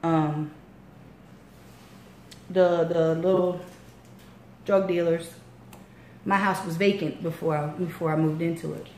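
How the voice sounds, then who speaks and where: A woman with a Baltimore accent telling a story in casual chat as a radio interviewer, acting out quotes with big jumps in pitch. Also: fairly even intonation, takes it slowly, long pauses, darkish tone. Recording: echoey room, faint noise.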